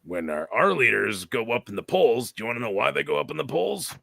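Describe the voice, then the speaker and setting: A man hosts a casual, opinionated chat with an emphatic, animated delivery and a bright, forceful tone. His voice is gravelly and a bit raspy, and the recording is dry and close. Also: medium pitch, fairly quick, no room sound. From Canada. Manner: animated, emphatic, repeats words. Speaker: host.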